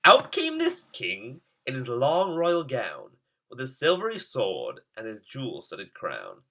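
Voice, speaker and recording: Bright, husky man reading a storybook. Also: mid-range voice, wildly swooping pitch, measured pace. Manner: sing-song rhyming delivery. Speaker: storybook reader.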